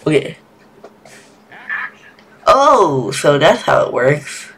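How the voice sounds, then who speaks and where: A man's voice: fairly high pitch, sing-song, very slow, a bit bright. A man playing a horror game on stream, jumpy and repeating himself whenever he gets scared. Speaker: gaming video creator. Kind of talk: horror game let's-play commentary. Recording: keyboard typing noise behind voice.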